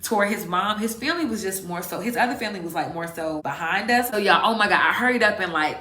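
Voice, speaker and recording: A woman's voice: medium pitch, quick pace, pushed and bright, soft background music. A woman in her twenties telling a dramatic, slang-filled story straight to her viewers in a casual vlog. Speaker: vlogger. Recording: echoey room.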